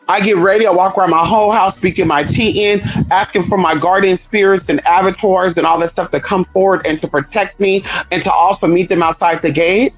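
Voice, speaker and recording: A man with a husky voice, telling stories in a flamboyant, sassy monologue. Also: quick pace, hardly any pauses, faint music behind, low-quality recording. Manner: flamboyant, sassy, very expressive, swings into high voices for quoted people. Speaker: spiritual practitioner and vlogger. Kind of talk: casual storytelling monologue.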